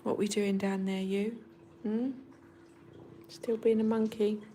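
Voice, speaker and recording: A woman's voice: mid-range voice, little pitch movement, takes it slowly, slight background noise. A woman hosting a casual livestream from home, chatting with viewers and talking to her cats. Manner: chatty, talks to her cats in a soft baby voice. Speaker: livestream host.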